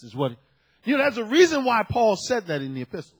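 A man preaching a sermon, telling a story and building to loud shouted peaks. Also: high voice, sing-song, quick pace, breathy edge. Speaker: pastor.

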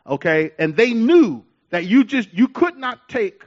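Guy pastor preaching, kinda high voice, laughs a lot, dull lo-fi sound. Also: measured pace. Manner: animated preaching with laughs and repetitions. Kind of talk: sermon.

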